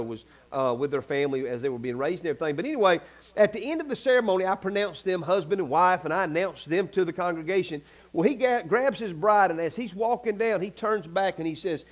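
A man with a Southern US accent preaching a folksy sermon to his church, with frequent asides to the congregation. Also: high voice. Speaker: pastor. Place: church sanctuary.

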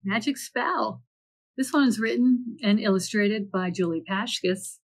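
A woman children's librarian presenting and reading picture books aloud in a gentle storytelling manner with playful asides. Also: mid-range voice, unhurried, rough recording.

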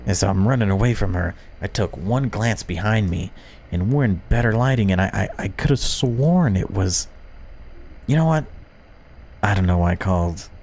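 A man's voice: fairly low pitch, animated, moderate pace, a little mellow, a little hiss or hum. A man voicing a nervous male caller in a horror game who stammers and trips over his words. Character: jittery young male night-owl caller.

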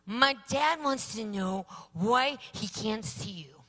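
A woman's voice: on the high side, expressive, slow, a bit bright, full character voice. Woman as a matter-of-fact little boy.

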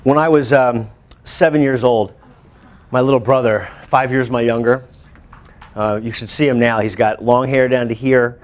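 A male teacher telling a class a lively personal story in a school classroom. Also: medium pitch, normal speed. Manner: animated, acts out voices and screams.

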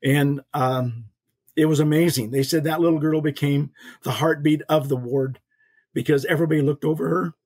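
The older man's voice sits on the high side, steady, a little mellow and breathy, moving at normal speed. As a podcast guest, he earnestly relates a personal faith story in a folksy testimony style, performing quoted voices.

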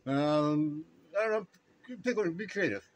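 A man's voice: fairly high pitch, lively intonation, unhurried, slight background noise. A man vlogging from a shop counter on his phone, rambling and stammering with wry remarks. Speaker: vlogger filming a shop visit. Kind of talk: casual running commentary.

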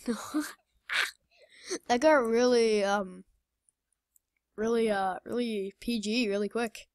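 A young woman chatting casually while playing a game, excitable, blurting out reactions and laughing. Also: a little high, extremely slow, long pauses. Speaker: gamer. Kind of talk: casual gaming chat.

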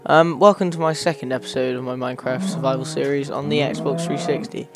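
A man's voice: medium pitch, fairly even intonation, a little fast, over music. A man hosting a gaming channel, casually commenting on his gameplay in a rambling way and talking straight to his viewers. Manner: rambling, talks to viewers while playing.

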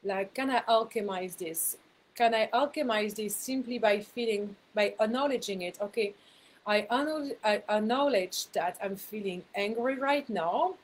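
A woman talks casually to her viewers as a spiritual mentor, in a voice of middling pitch. She is chatty, laughs at herself and repeats words to drive a point home. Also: moderate pace, poor audio.

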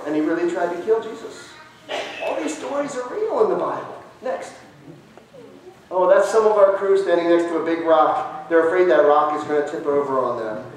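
A man, a pastor, giving a children's message in church, talking in a lively way and asking the children questions. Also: high-pitched, slight background noise. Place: church sanctuary. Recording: very echoey church from far off.

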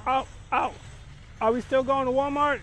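A man's voice: extremely high pitch, steady tone, normal speed, a bit bright. A man vlogging a casual outing with family, full of teasing, playful banter.

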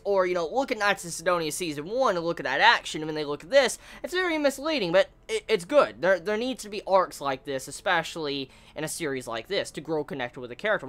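A woman's voice: lowish voice, a bit bright. A woman reviewing an anime episode in a casual video rant, exasperated, swearing often and stammering over repeated words.

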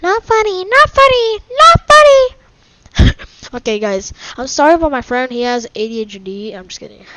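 A woman hosting a casual gameplay video at home, reacting excitably and bickering in exasperation with a friend who keeps teasing her. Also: fairly high pitch, no echo. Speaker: gaming video host. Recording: dull lo-fi mic.

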